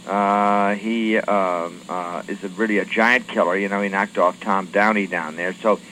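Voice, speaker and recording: A man, a congressman, answering questions from radio reporters in a halting way, with many fillers and restarts. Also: low voice, fairly even intonation, a bit bright, a little hiss or hum, poor audio. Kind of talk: radio call-in interview.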